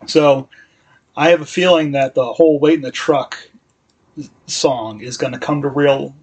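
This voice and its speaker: A man's voice: a little high, steady tone, measured pace, darkish tone, husky, rough recording. A man co-hosting a podcast, rambling through a casual recap with fillers and acted-out dialogue. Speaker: podcast co-host. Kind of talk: casual chat recapping a TV episode.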